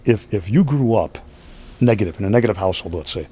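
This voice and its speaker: Husky low-voiced man telling stories. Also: fast talker. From Northeastern US. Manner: animated, repeats "right?" often, acts out quoted voices. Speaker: podcast guest, strength athlete. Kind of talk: casual storytelling conversation.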